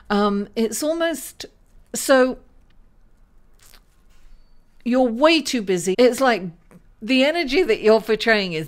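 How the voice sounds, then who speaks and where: A woman astrologer giving a casual horoscope reading, halting with fillers and calling the listener darling. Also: a little high, expressive, smooth. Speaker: astrologer doing tarot readings.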